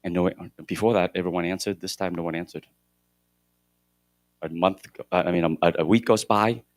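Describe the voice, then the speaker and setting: A middle-aged man giving a motivational keynote at a conference, shifting between loud emphasis and hushed moments. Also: low voice, fairly even intonation, moderate pace, no echo. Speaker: keynote speaker at a real estate conference. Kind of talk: motivational storytelling speech. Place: conference hall stage.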